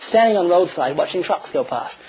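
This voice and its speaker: A man preaching a sermon, animated and enthusiastic, with sudden rises and drops in loudness as he tells stories. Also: high voice, brisk, a little hiss or hum, poor audio. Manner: enthusiastic, animated storytelling with sudden swings in volume.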